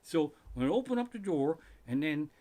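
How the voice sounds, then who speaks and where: A man doing a live-streamed comedic rant from his living room, profane and animated with sudden outbursts. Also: on the high side, normal speed. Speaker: comedian host.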